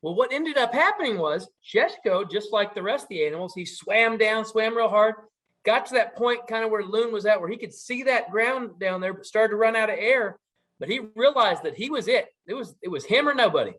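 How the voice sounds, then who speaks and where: A middle-aged man telling a traditional story in a relaxed, conversational way, with asides and fillers. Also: high voice, a little fast. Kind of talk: casual oral storytelling.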